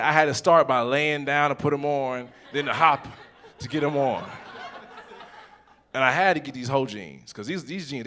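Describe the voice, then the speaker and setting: A man working a stand-up set, his voice sitting at an ordinary middle pitch. He tells a personal story and plays out both sides of the argument himself, tossing quick asides to the audience. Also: fairly bright tone, slight background noise. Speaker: stand-up comedian. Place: stage before a live audience. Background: audience laughter.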